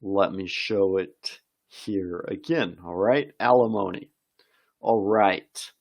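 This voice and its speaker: Guy teaching english live, talks real slow, cheers on the viewers reading their comments. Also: low-pitched, vocal fry. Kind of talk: live-stream English lesson.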